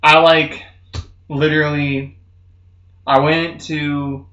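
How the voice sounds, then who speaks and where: A man's voice: little pitch movement, takes it slowly. A young man streaming, telling rambling comedic stories in casual chat, swearing constantly and saying "dude" a lot. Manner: does loud high-pitched mocking voices in stories. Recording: roomy, slightly muffled stream audio.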